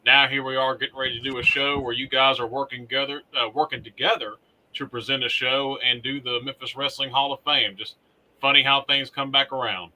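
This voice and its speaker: Guy hosting a wrestling show, really bright sharp voice, brisk announcer style. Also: mid-range voice, fairly even intonation, rough recording. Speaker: host. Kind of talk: scripted recap narration and casual chat.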